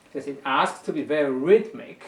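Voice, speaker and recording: During a violin lesson, a man coaches with patience, frequently repeating words while he hunts for the right way to phrase things. His voice sits a little high and moves a little fast. The distant mic gives the recording a roomy sound.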